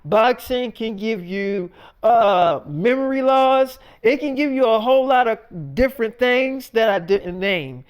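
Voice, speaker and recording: A man voicing a sensible, defensive teenage girl in his own everyday voice, soft and reasonable. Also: very high voice, unhurried, hardly any pauses, clean tone. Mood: annoyed.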